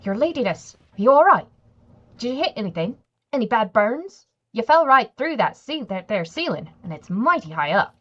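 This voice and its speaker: A woman's voice: on the high side, sing-song, moderate pace, a bit bright, dull audio, voice pushed up. A woman voicing a humble, folksy tunnel-dweller who rambles on deferentially, calling the listener "your ladiness.". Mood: folksy chatty.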